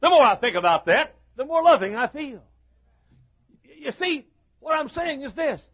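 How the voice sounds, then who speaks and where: A middle-aged man preaching a sermon as a pastor, building a repetitive cadence that rises to shouts. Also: extremely high pitch, very animated, moderate pace. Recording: dull lo-fi recording.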